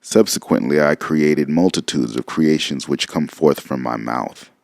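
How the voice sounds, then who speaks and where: Very deep gravelly-voiced man lecturing. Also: a little slow, a little mellow, dry recording, clean studio sound. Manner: profane, blunt, musing aloud. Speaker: occult lecturer. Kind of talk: casual lecture reading from texts.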